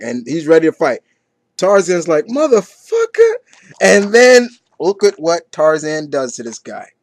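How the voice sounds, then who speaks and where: A man's voice: fairly high pitch, no room sound. A man giving a casual comic book review, rambling and stumbling through his retelling with lots of fillers.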